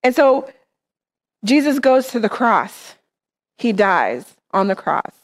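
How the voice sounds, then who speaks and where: A woman's voice: on the high side, big pitch swings, takes it slowly. A woman preaching in church, talking in an earnest, conversational way and often checking in with her listeners. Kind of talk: sermon.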